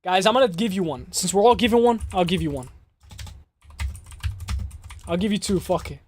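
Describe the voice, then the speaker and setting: High-pitched guy on a live mma stream, casual, swearing, reading chat. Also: lively intonation, normal speed, slight background noise. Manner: loose, swearing, reads chat aloud.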